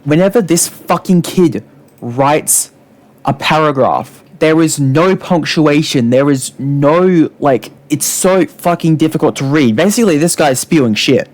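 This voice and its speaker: A man's voice: a little high, measured pace, darkish tone. A man ranting through online drama commentary, exasperated and sarcastic, swearing often. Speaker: YouTube commentator.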